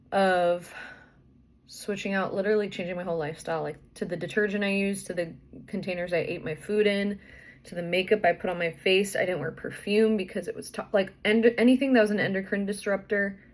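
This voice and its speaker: A young woman vlogger, out of breath and pregnant, chatting through a rambling personal story full of fillers and restarts. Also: medium pitch.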